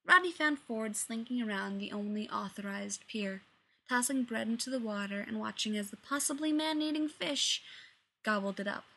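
Woman reading a story, slightly high. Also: moderate pace, vocal fry, fairly bright tone. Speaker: story reader. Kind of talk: reading fiction aloud.

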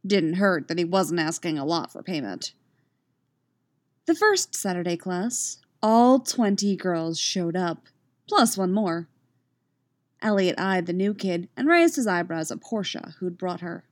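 A woman narrating a novel in a steady, even storytelling voice. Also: fairly low pitch, unhurried, no room sound. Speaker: audiobook narrator. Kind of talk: scripted narration.

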